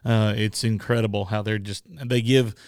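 A man's voice: fairly low pitch, flat delivery, moderate pace, darkish tone, no echo, studio quality. Man, a church music minister, chatting. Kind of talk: casual chat.

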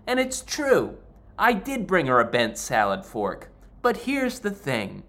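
Animated male stand-up storyteller. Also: fairly high pitch, slow. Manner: animated, exasperated, deadpan asides. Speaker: stand-up comedian.

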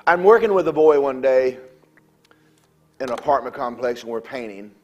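A man preaching a revival sermon, telling stories, shouting at times and calling for amens. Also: medium pitch, lively intonation, normal speed, lo-fi sound.

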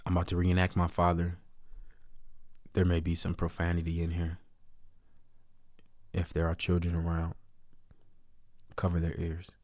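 A man's voice: low-pitched, normal speed, pauses often, no room sound, studio quality. A man casually telling a personal story with jokes, often breaking into laughter. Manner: animated, joking, laughs between lines.

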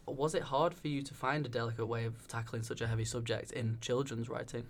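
A man's voice: medium pitch, fairly even intonation, a little fast, a little hiss or hum. A man interviewing a guest, asking brief, plain questions.

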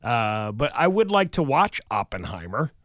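Radio co-host and newsreader, man, lively up-and-down delivery, dry studio mic. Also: mid-range voice, normal speed, no room sound. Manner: animated, joking, then reads news. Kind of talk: casual banter and news reading. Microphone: studio microphone.

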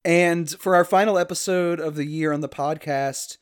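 A man's voice: fairly high pitch, fairly even intonation, normal speed, clean tone. A man from Louisiana hosting a podcast, talking casually and laughing often. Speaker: podcast host.

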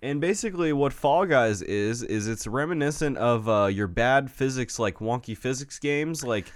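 A man casually chatting about a video game, swearing freely and breaking into loud mock rants. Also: medium pitch, normal speed, clear, resonant tone. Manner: profane, animated, bursts into loud mock rants. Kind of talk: casual gaming chat.

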